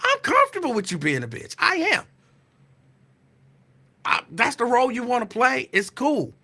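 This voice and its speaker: A man's voice: very high-pitched, wildly swooping pitch, normal speed, sharp tone. A man hosting his own podcast, teasing and calling someone out in a profane, repetitive casual rant. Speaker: podcast host.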